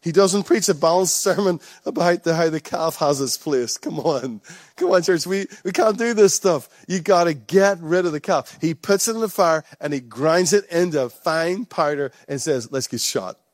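Man, pastor, sermon, emphatic, repetitive calls, higher voice, dry sound. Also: normal speed, no echo.

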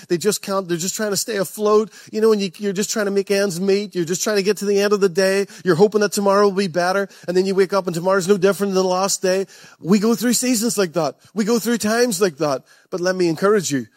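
A man's voice: high-pitched, no echo, studio quality. A man preaching a sermon as pastor, emphatic, repeating phrases and laughing often.

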